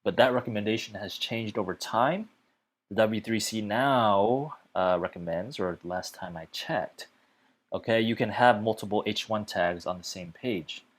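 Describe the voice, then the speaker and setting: A man teaching a web development lesson in a casual, chatty way, often filling pauses with "okay" and "uh". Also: on the low side. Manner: chatty, fills gaps with okay and uh.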